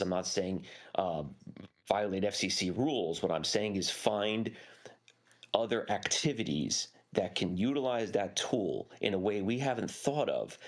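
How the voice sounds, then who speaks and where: Male guest, fairly low voice, deliberate and measured, restarts often. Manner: measured, deliberate, repeats words. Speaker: panel guest. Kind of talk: casual panel discussion.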